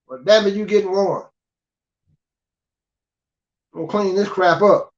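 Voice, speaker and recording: An older man with a high voice lectures in a gruff, scolding way and keeps checking that the listener follows. The recording sounds dull and lo-fi. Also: unhurried, long pauses, a bit bright. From United States. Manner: gruff, scolding, repeats "you understand?". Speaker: guest speaker. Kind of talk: blunt preaching monologue. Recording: dull lo-fi audio.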